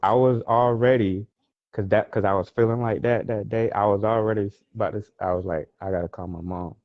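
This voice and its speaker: Low-voiced man, tinny phone-like sound. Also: steady tone, fairly quick, no echo. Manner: slangy, storytelling, laughs while recounting. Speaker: podcast co-host. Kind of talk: casual podcast chat.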